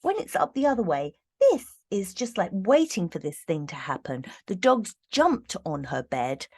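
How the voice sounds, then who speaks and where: A woman giving an earnest, halting tarot reading to camera, with many fillers and growing emotion. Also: on the low side, very animated, darkish tone, husky. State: getting emotional. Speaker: tarot reader.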